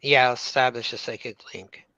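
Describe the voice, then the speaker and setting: Bright-voiced male player, muffled mic. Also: medium pitch, steady tone, a little fast, a little hiss or hum. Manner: casual, swears, hesitant restarts. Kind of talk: casual tabletop game chat.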